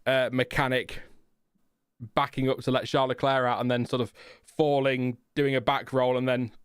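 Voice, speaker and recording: A man's voice: medium pitch, clean tone, no room sound, clean studio sound. A man hosting a casual live watchalong, rambling and chatty with lots of fillers and laughs. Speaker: livestream host.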